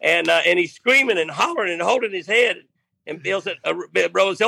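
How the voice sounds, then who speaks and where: A man's voice: high-pitched, animated, brisk, gravelly, bright, forceful tone, breathy edge, no room sound. An older man telling a funny fishing story in a casual, rambling way, restarting lines and laughing at his own tale. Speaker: guest storyteller.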